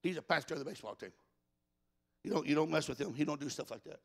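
A man preaching a folksy, emphatic sermon that builds to shouts in a large church. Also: fairly high pitch, fast talker, vocal fry, in a large hall. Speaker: pastor.

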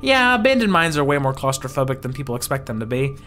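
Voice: medium pitch, big pitch swings, fast talker, fairly bright tone, soft background music. A game reader voicing a fearless woman ghost hunter who talks in a breezy, teasing way. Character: upbeat woman ghost-hunting streamer, fearless.

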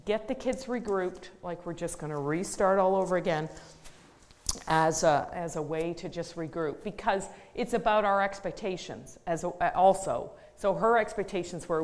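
A woman's voice: lowish voice, normal speed, darkish tone, big-room sound. A middle-aged woman, an occupational therapist, giving a conversational public talk. She tells a practical case story in plain words, with some fillers and restarts.

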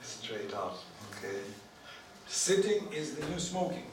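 Recorded from a distant, off-mic position in a booming temple hall with faint noise, a man lectures informally on scripture to a live group. He talks slowly but with a very lively pitch, staying animated and chatty, quizzing the room and frequently clearing his throat.

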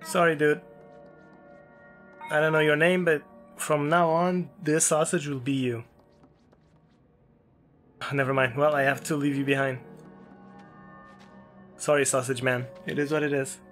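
A man narrating his own horror game run, his voice sitting a bit high and leaping up whenever something startles him. Game music plays clearly underneath his commentary. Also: measured pace, pauses often. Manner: excitable, yelps and jumps high when scared. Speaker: gaming YouTuber. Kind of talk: let's play commentary. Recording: game music playing behind.

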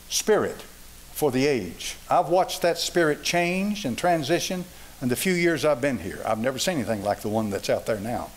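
A man preaching a sermon to a congregation, folksy and emphatic, with loud emphatic peaks. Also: mid-range voice, husky. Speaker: pastor.

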